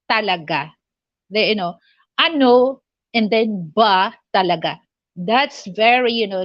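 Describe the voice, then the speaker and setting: A Filipino woman whose first language is Tagalog, hosting a casual live chat, speaking haltingly with many fillers and little chuckles. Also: a little high, no room sound, highs cut off. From Philippines. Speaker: livestream host.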